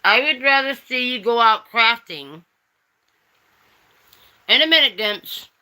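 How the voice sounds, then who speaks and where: Sassy bright-voiced woman on a livestream. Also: a little high, expressive, takes it slowly. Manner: sassy, teasing, calls viewers honey and darling. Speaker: livestream host reading chat. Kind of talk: casual live chat.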